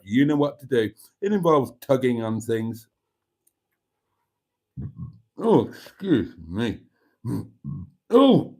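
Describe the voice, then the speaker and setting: Man from Wales with a Birmingham accent, casual and jokey livestream host, frequent throat-clearing. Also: on the high side, darkish tone. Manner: chatty and jokey, clears his throat often. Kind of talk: casual livestream chat reading viewer comments.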